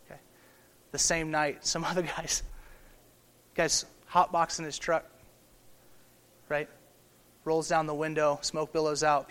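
Young male preacher, slightly higher voice, casual storytelling delivery that rises to emphatic peaks. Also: a bit bright. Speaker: pastor. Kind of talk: sermon.

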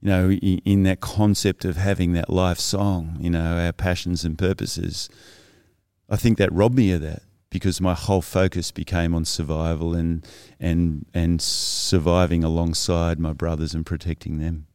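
A middle-aged man, a podcast guest telling his personal story in a reflective, halting way with many restarts. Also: deep voice, little pitch movement, a little mellow, clean tone, no room sound, studio quality. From Australia.

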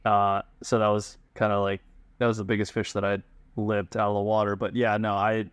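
A man from Hawaii, a pro bass angler, telling fishing stories as a guest in a casual, animated way with lots of fillers. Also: a little fast, smooth, dry recording. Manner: animated, full of fillers and restarts. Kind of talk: casual storytelling.

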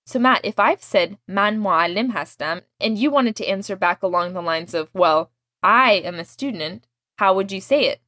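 A woman teaching a language lesson, explaining words patiently and clearly and modeling each one for her student to repeat. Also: medium pitch, lively intonation, brisk, hardly any pauses, fairly bright tone, no echo, studio quality.

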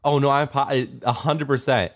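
A man's voice: mid-range voice, steady tone, normal speed, no echo, clean studio sound. Joking young man co-hosting. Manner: playful, joking, full of trivia questions. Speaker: podcast co-host. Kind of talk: casual chat.

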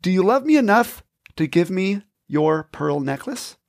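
Man playing a gentle loving father. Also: high-pitched, big pitch swings, measured pace, gravelly, no echo, studio quality, full character voice.

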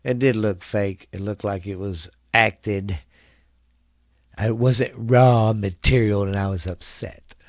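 A man's voice: on the low side, slow pace, no room sound, clean studio sound. A tired man hosting his own podcast in loose, rambling, crude casual chat, coughing and trailing off. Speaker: podcast host.

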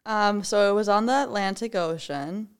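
A woman's voice: mid-range voice, smooth. Bubbly woman joking on a podcast. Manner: bubbly, jokey, quick to laugh. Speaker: podcast co-host. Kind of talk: casual chat.

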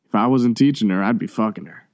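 A man reading a story aloud, voicing a crude, boastful young acting teacher who talks loudly. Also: lowish voice, quick pace, dry recording, studio quality, natural voice. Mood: brash. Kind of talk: audiobook reading.

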